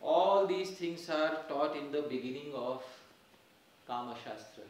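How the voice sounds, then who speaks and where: A man's voice: a little high, animated, measured pace. A man giving a religious class, explaining points emphatically and repeating key phrases, recorded from a distance in a temple hall. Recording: very echoey temple hall from far off.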